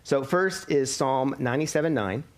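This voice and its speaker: A man's voice: mid-range voice, moderate pace. A man in his thirties preaching a sermon as a pastor, explaining scripture and posing rhetorical questions to his congregation.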